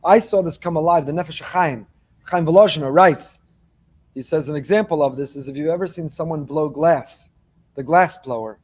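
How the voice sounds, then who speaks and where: A man, a rabbi, giving a morning Torah class with lively delivery and joking asides to his listeners. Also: a little high, normal speed, breathy edge. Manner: animated, joking asides to the congregation.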